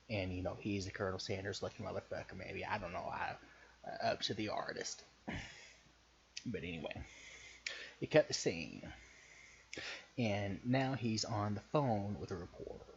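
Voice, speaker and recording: Man, Southern US accent, lowish voice, rambling casual storytelling, profane, hesitant, slightly muffled recording. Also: moderate pace, vocal fry, long pauses. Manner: loose, profane, hesitant, with many fillers. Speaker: podcaster pitching a story idea. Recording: muffled recording with faint hiss.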